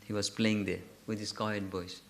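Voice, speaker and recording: A man teaching a scripture class, telling a story in a halting way, correcting himself and putting questions to his listeners. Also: on the low side, flat delivery, creaky. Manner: halting, self-correcting, asks the audience questions. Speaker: lecturer.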